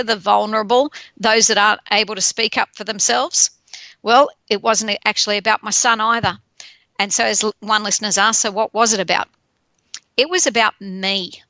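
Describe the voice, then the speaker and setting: A woman hosting a show and telling a personal story in a lively way, often laughing and acting out the people she quotes. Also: medium pitch, gravelly, no echo. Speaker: podcast host.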